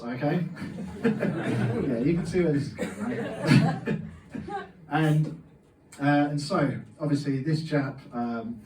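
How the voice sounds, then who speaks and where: A man's voice: medium pitch, slight background noise. A young man performing a stand-up comedy set in a packed comedy club, acting out his dad's lines in his anecdotes. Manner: animated storytelling, plays out his dad's lines. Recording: roomy club sound from a distant camera. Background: faint audience laughter.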